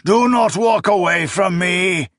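Man voicing a hoarse, booming old priest. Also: expressive, measured pace, dry recording, studio quality, heavily acted. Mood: ranting. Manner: shouting, ranting scripture. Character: hoarse old male priest, zealous and cruel.

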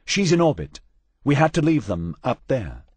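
A man's voice: mid-range voice, sing-song, moderate pace, a little mellow, husky, no echo, pitched above the performer's own voice. A man voicing a capable, well-informed woman who explains things in a matter-of-fact way. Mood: explaining.

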